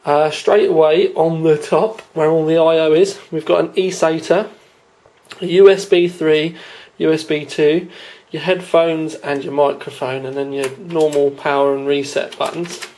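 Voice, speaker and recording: A man's voice: a little high, steady tone, measured pace, a little mellow. A man hosting a casual tech review, chatting informally while he handles the product and films it with a handheld camera indoors. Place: indoor room.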